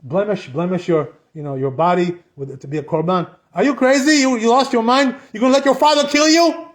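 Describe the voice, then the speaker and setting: A man's voice: high-pitched, brisk, lightly acted. A man voicing a scheming male devil who badgers with incredulous questions.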